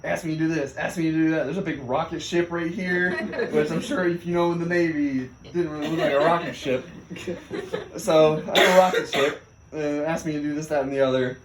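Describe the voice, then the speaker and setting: A young man, a Navy sailor, casually telling a story about his deployment, laughing often and acting out the things people shouted at him. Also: fairly high pitch, brisk, a crowd in the background. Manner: animated, laughs often, acts out quoted shouts. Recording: echoey room.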